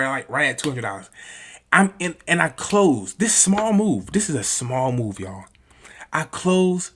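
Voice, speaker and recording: Excitable man explaining trades to viewers. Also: husky. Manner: excitable, talks to viewers as "y'all"; swings from hushed to loud and high when excited. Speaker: trading educator. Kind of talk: casual screen-share trading lesson.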